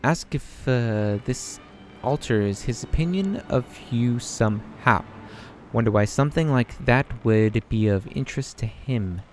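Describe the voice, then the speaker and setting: A man's voice: medium pitch, measured pace, a little hiss or hum. A young man casually commenting on a video game he plays, reading dialogue choices aloud and laughing often. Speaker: let's play host.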